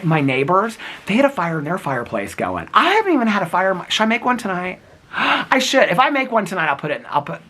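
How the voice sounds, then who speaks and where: A man's voice: fairly high pitch, bright, forceful tone. A man in his fifties vlogging outdoors in the cold, chatty and giggly, calling his viewers girl and honey. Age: 50s. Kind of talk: casual daily vlog to camera. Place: outdoors in cold snowy weather.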